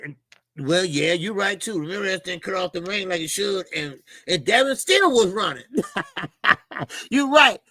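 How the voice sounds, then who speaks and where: A man's voice: high-pitched, animated, a little slow, pushed and bright, dry recording, studio quality. A man hosting a casual boxing livestream, talking animatedly with swearing and greeting chat viewers by name. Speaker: boxing show host.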